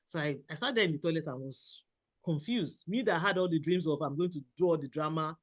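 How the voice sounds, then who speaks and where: Lively Nigerian-born woman telling her story. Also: deep voice, fairly quick. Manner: animated, quotes herself, laughs often. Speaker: guest, general practitioner. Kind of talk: personal storytelling in conversation.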